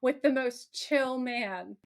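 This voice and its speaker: A woman co-hosting a casual podcast, recapping a TV episode in an animated, profane way and dropping into a gruff low voice for quoted lines. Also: takes it slowly. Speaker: podcast co-host.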